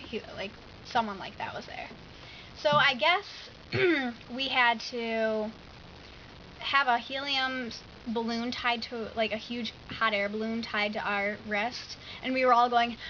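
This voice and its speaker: A teenage girl telling a story in a casual vlog, chatty and animated, full of "like.". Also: on the high side, lo-fi sound, a little hiss or hum. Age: teens. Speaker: vlogger.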